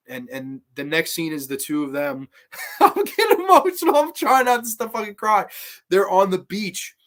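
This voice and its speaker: A man's voice: mid-range voice, a bit bright. A man hosting a movie channel, talking casually and heartfelt about a film, rambling with restarts and the odd swear word. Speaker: movie review channel host. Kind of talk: casual spoken movie commentary.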